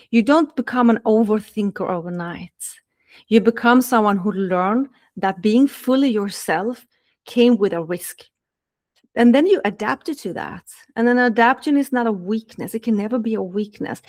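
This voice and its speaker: A woman's voice: on the high side, a little mellow. A woman dating coach speaking earnestly to listeners in a podcast monologue, repeating key phrases for emphasis.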